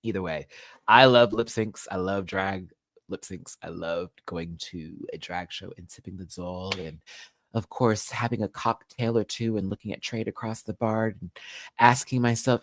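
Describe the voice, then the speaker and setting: Sassy low-voiced man. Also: moderate pace, no echo. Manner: animated and sassy, jumping from loud outbursts to low mutters; casual with some swearing. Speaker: drag show reviewer, host. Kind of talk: casual live review chat.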